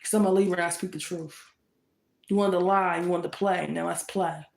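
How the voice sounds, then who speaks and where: A woman's voice: on the low side, steady tone, a little fast, gravelly. Fiery woman reading tarot in a roomy space. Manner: fiery, confrontational, repetitive. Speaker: tarot reader.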